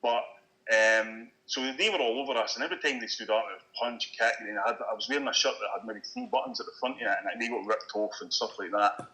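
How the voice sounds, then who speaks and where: A Scottish man, a guest, telling an animated story in casual chat and swearing freely. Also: medium pitch, fast talker, poor audio.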